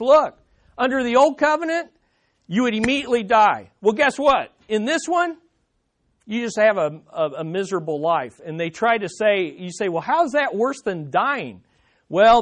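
A male pastor preaching a verse-by-verse sermon, emphatic and conversational, often checking in with his congregation. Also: sits high. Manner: emphatic, rises and falls in intensity, asks the congregation questions. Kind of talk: expository sermon.

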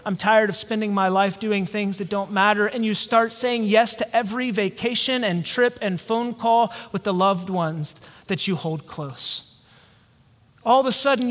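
A man from the American South preaching a sermon, earnest and reflective, with slow pauses. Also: high voice. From Georgia, USA. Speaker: pastor. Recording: long hall reverb.

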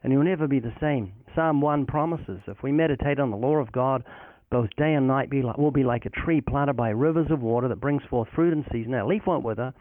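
A man's voice: medium pitch, brisk, no room sound. A man speaks as an evangelist guest, preaching with earnest conviction and acting out short exchanges between himself and others. His voice arrives over a tinny, phone-like line. The sound is dry, with no room around it. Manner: earnest preaching delivery, quoting scripture and acting out dialogues. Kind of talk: recorded phone interview about faith.

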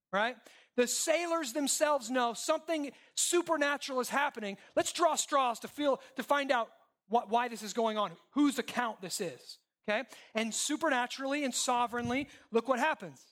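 A male pastor preaching a sermon in a conversational, animated way, asking the congregation questions and swinging between loud and hushed. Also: extremely high pitch. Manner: conversational, asks the crowd questions.

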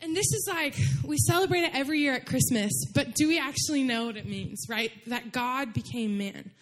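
Chatty young woman preaching, high voice. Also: a little fast. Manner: chatty, full of "like", laughs while telling stories. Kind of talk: casual storytelling sermon.

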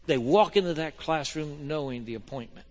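A man preaching a sermon to his congregation, swinging from loud, fervent exhortation to quiet, intimate appeals and rhetorical questions. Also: fairly high pitch, normal speed. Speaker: pastor.

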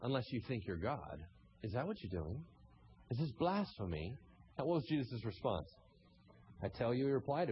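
A man's voice: mid-range voice, very animated, moderate pace, pauses often, dull audio, a little hiss or hum. A man preaching a sermon, asking the congregation rhetorical questions and reading scripture aloud. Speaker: pastor.

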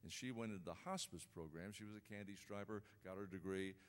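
Low-voiced man speaking in an echoey church. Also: a little fast, a little hiss or hum. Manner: folksy, asks the audience questions. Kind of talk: church talk to a congregation. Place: church sanctuary.

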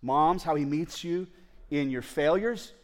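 A man preaching a sermon to a congregation, speaking to the mothers directly, dropping to tender near-whispers and rising to loud pleading. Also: on the high side, measured pace. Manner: swings from hushed tender asides to loud pleading; addresses the audience directly. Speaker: pastor. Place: church service before a congregation.

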